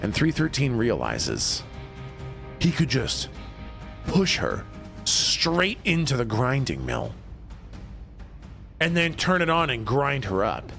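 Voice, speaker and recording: A man narrating a tabletop game on a live stream as game master. He is excitable and breaks into laughter and shouts. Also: mid-range voice, takes it slowly, creaky, long pauses, faint music behind.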